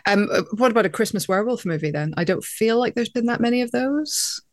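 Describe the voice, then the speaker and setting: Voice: medium pitch, expressive, fast talker, no room sound. Dry-sounding affirming interviewer. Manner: affirming, hedging with fillers. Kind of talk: interview questions.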